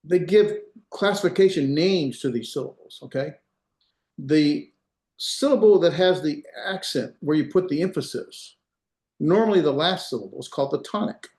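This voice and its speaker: A man's voice: fairly high pitch, normal speed, a little mellow. A man giving a classroom lecture as a Hebrew instructor. He explains step by step, repeats examples and checks that students follow. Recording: roomy echo.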